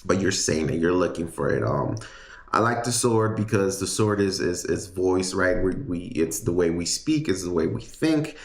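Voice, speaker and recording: Male tarot reader, deep voice, loose rambling delivery, echoey room sound. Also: expressive, normal speed, vocal fry. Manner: chatty, rambling, many fillers and restarts. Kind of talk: casual livestream tarot reading.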